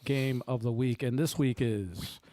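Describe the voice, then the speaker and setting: A man's voice: medium pitch, unhurried, noisy background. A man hosting a video game podcast, mostly chiming in with short reactions and moving the show along. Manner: brief reactions, runs the segments. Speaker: podcast host. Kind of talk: casual chat.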